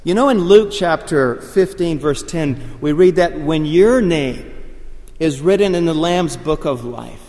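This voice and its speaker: A man preaching a sermon, telling stories and rising to loud, excited proclamations. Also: on the high side. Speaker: pastor. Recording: long hall reverb.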